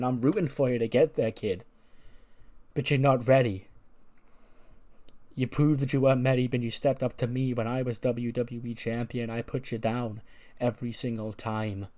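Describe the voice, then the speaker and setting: Man as veteran wrestler, calm, lecturing. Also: medium pitch, natural voice. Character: confident veteran male wrestler, dismissive.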